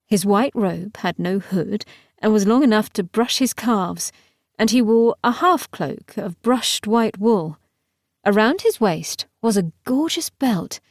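A woman reading a novel aloud as narrator in a measured, expressive storytelling manner. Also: on the high side, no echo, studio quality. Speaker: audiobook narrator. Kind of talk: scripted narration.

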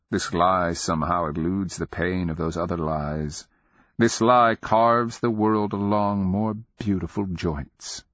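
A man narrating a dark fantasy novel in a measured, expressive storytelling manner. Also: deep voice, no echo. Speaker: audiobook narrator. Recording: dull, dry lo-fi recording.

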